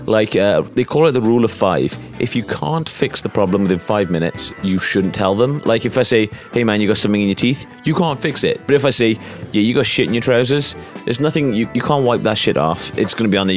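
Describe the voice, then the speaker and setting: A man's voice: lowish voice, quick pace, hardly any pauses, faint music behind. A man co-hosting a podcast, chatting casually and swearing a lot as he tells stories. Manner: sweary, animated storytelling with put-on voices. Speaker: podcast co-host. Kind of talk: casual chat.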